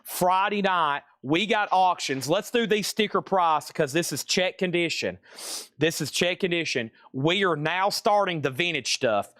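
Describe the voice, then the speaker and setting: A man's voice: high-pitched, expressive, a little slow, pushed and bright, dry recording. A man hosting a live-streamed record sale, chatty and rambling as he runs through auctions. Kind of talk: live-stream sales patter.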